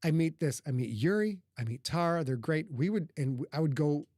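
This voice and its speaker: A man tells stories on his podcast in a loose, profane and animated way. He swears often and plays out each scene for his co-host. The sound is dry and close, with no room echo. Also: a little high, fairly quick. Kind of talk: casual storytelling chat.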